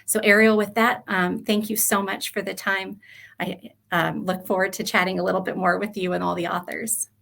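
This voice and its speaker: A middle-aged woman author speaking earnestly about parenting and her chapter, with frequent pauses and fillers over a video call. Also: medium pitch, level tone, creaky, fairly bright tone. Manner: earnest, halting with many fillers. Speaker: author guest. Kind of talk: personal talk about her book.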